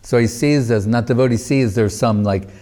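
Mellow-voiced man telling a spiritual story. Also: medium pitch, fairly quick. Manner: loose, digressive storytelling with many filler phrases. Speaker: spiritual teacher giving a class. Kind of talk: storytelling religious talk.

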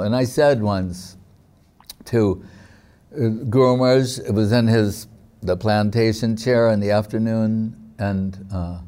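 A man giving a devotional discourse, telling stories in a reflective, halting way with frequent fillers. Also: mid-range voice, dark tone. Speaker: spiritual teacher.

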